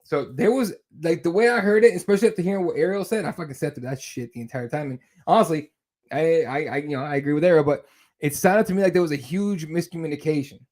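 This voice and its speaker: A man's voice: a little high, fast talker, darkish tone. Rambling, swearing podcast guy. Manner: rambling, many fillers and restarts, swears. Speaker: podcast co-host and writer. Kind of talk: casual chat.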